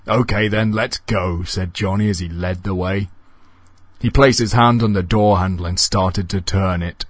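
Deadpan husky male storyteller. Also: deep voice, normal speed, no room sound. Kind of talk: comic horror story reading.

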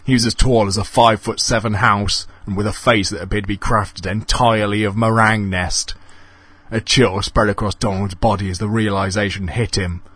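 A man's voice: fairly low pitch, fairly even intonation, moderate pace, fairly bright tone, breathy edge, no echo. Brief: male narrator of a silly ghost story, dry close sound.

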